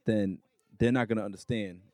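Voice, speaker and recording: A man's voice: lowish voice, steady tone, a little fast, warm tone, no room sound. A man in casual chat, insisting on his point and repeating himself to get heard.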